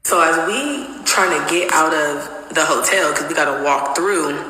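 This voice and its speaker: A woman telling a wild personal story in casual storytime style, animated and profane, acting out what people said. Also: deep voice, measured pace, a little hiss or hum. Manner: animated, profane, acts out quotes. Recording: echoey room with long reverb.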